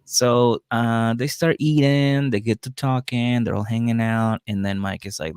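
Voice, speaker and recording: A man's voice: mid-range voice, steady tone, measured pace, few pauses, a little mellow, clear, resonant tone, no room sound, studio quality. A man co-hosting a comedy podcast, chatting loosely and rambling, with frequent laughs. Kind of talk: casual chat recapping a reality show.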